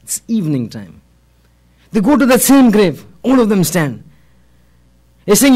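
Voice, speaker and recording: Animated high-voiced male preacher. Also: unhurried. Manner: animated storytelling, acting out the dialogue with big swings in loudness and pitch. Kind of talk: storytelling sermon.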